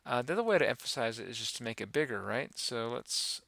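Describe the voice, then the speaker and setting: Gravelly man teaching a software tutorial. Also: mid-range voice, fast, no echo. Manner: relaxed, rambling, many fillers. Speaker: animation instructor. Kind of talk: screen-recorded software tutorial.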